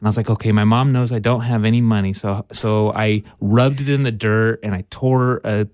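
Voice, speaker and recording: A man's voice: fairly low pitch, fairly even intonation, moderate pace, a little mellow, no echo. A man co-hosting a talk radio show, chatting in a playful, joking way in a studio. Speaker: radio co-host. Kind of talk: casual talk radio chat. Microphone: studio microphone.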